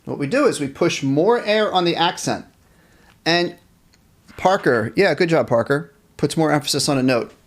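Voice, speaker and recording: Male band teacher on a live stream, voice a bit high, explaining and counting in for players at home. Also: expressive, moderate pace. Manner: talks to viewers and reads the chat, counts off rhythms. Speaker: music teacher.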